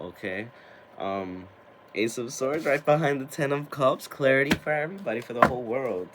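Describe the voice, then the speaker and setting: A man in his twenties who hosts a tarot and spiritual channel, talking casually to camera, getting excited, laughing often and swearing now and then. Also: medium pitch, moderate pace, a little hiss or hum.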